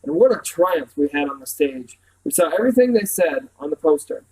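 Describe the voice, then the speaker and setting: A man voicing a pompous, excitable male scarecrow in a storybook reading, with a grand, theatrical manner. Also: on the high side, fairly quick, husky, poor audio. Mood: proud.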